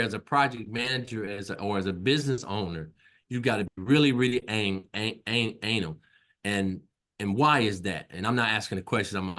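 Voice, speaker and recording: A man's voice: mid-range voice, a bit bright. A man teaching an online class in a conversational way, repeating himself and often checking in with "right?". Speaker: instructor.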